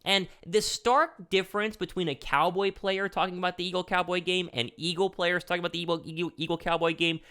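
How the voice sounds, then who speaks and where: A young man hosting his own sports show, talking excitedly and quickly about football news. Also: sits high, smooth. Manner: excited, fast-talking, animated. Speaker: show host. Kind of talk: energetic sports commentary.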